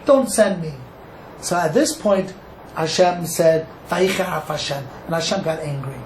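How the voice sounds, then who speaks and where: Man, rabbi, Torah class, animated, acts out dialogue, echoey room, faint background noise. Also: a little high, moderate pace. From Cleveland, Ohio. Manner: animated, acts out dialogue, asks the audience questions. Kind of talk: Torah class to a live group. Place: echoey room with a small audience.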